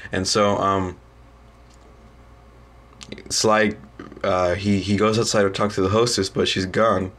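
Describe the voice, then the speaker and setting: Low-voiced young man, halting storyteller. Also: flat delivery, fairly bright tone. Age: young adult. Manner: halting, full of ums and restarts. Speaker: student. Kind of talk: casual story retelling.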